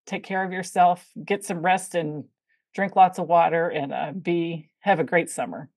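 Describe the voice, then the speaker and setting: A woman's voice: on the low side, steady tone, normal speed, a little mellow, no room sound, clean studio sound. A woman hosting a podcast, chatting casually with a guest and telling stories with plenty of fillers. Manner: chatty, storytelling, many fillers. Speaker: podcast host. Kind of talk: casual interview chat.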